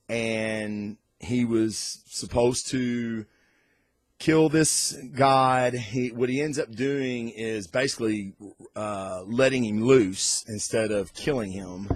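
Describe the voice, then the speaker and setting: A man hosting a casual comic book unboxing and review vlog, talking in an excitable, loose way and cursing freely. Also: medium pitch, dry recording, clean studio sound.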